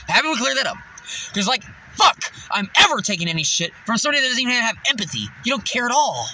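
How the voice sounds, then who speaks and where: A man's voice: sits high, sing-song, quick pace, bright, forceful tone, slight background noise, low-quality recording. A man vlogging from a parked car, ranting bluntly and swearing constantly. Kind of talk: profane ranting monologue. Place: parked car in a parking lot.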